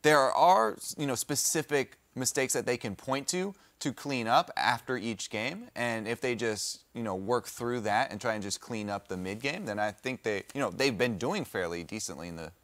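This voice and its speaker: A man giving esports desk analysis, slow and hesitant with many fillers. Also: medium pitch, a bit bright.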